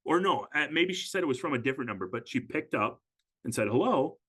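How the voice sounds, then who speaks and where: A man's voice: mid-range voice, expressive, fast, fairly bright tone, husky. A man working as a financial advisor, giving a webinar presentation in a casual, conversational way with frequent fillers and restarts.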